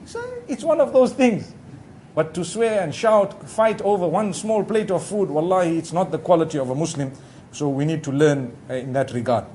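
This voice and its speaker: A man giving a conversational Islamic sermon, talking directly to his listeners in a relaxed way with frequent asides. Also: a little high, moderate pace, a little hiss or hum. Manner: relaxed, talks directly to the audience with frequent "you know". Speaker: Islamic preacher.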